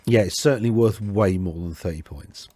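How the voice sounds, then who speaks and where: Man, low voice, dry recording, casual wargame host, rambling, self-correcting. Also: normal speed, mellow, dry recording. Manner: rambling, self-correcting, talks to himself while browsing. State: tickly throat. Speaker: host of a tabletop wargame podcast. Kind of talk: casual talk over game lists.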